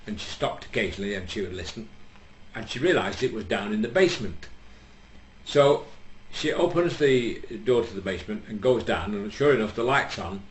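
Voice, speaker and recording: Dry rambling English comedian. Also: male voice, medium pitch, a little hiss or hum. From England. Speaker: stand-up comedian. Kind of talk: live stand-up storytelling. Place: small venue with audience. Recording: echoey room, faint ambience.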